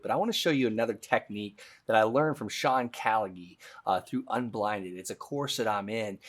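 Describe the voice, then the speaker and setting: A man teaches negotiation to camera in an energetic, emphatic way. His voice sits mid-range, and he keeps pressing his points home. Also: medium pitch. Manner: energetic, emphatic teaching with role-played seller dialogue. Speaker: real estate coach. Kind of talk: instructional talk to camera.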